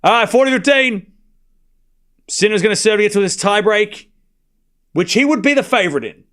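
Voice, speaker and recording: High-voiced man calling tennis live. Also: expressive, a bit bright. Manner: chatty, banters with viewers, quick score calls. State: up late at night. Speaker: livestream tennis commentator. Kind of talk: casual play-by-play commentary and chat replies.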